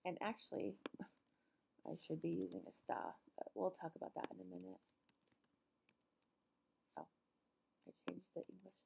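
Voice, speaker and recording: A middle-aged woman teacher talks through a recorded lesson in a patient, explanatory way, pausing often with ums. Her voice sits low and mellow, with a gravelly edge of fry. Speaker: Spanish teacher.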